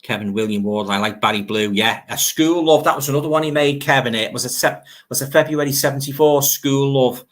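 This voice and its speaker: A man's voice: medium pitch, brisk, hardly any pauses. An older man, hosting a live stream in a chatty, nostalgic way, reading out viewer comments and laughing easily.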